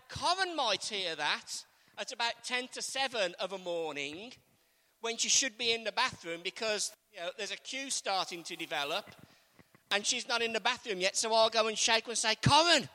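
A man's voice: high voice, lively intonation, moderate pace, pushed and bright. Preacher talking easy with the congregation, lots of ups and downs in his voice. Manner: conversational, asks the congregation questions, acts out quotes. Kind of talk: sermon.

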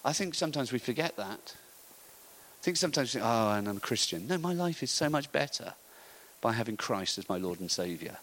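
A middle-aged man preaching a sermon, telling animated stories and laughing often. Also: mid-range voice, normal speed, a little hiss or hum.

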